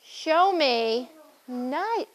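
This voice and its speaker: A woman's voice: high voice, lively intonation, extremely slow, poor audio. A young adult woman guiding a children's yoga class with playful, sing-song encouragement.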